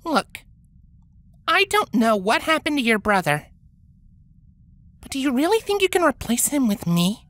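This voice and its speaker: A man's voice: very high voice, very animated, unhurried, long pauses, sharp tone, no echo, pitched above the performer's own voice, full character voice. Pondhopper, a man doing a fierce young she-dragon. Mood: angry. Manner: indignant, snapping. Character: fierce, defiant young female dragon hatchling. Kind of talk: audiobook character voice.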